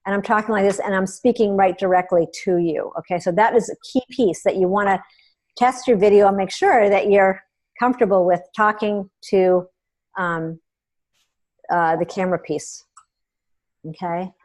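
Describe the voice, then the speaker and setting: A woman hosting a meeting, giving a chatty hands-on software tutorial and often checking in with her listeners. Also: mid-range voice, steady tone, moderate pace. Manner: chatty and instructive, checks in with "okay?". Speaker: meeting host.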